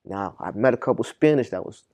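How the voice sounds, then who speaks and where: A young man from Boston tells his story on a podcast in a mellow, dark-toned voice with a dry, close sound. He talks in loose slang and gets loud and animated as he goes on. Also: lowish voice, a little fast, no room sound, lo-fi sound. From Boston, Massachusetts. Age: young adult. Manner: animated, slangy, rising loudly when telling the story. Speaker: podcast guest. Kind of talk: casual storytelling.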